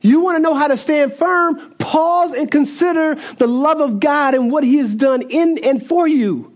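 An earnest pastor delivers a sermon, doubling back on phrases and building toward each point. The delivery comes in urgent bursts that ease into softer asides. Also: high-pitched, a little slow.

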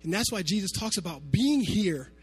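A man with a very high voice preaches a sermon, talking to the room like friends. He moves between hushed asides and loud, emphatic bursts, with faint music playing underneath. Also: moderate pace, slightly rough. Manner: animated, swinging from soft asides to shouting. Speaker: pastor.

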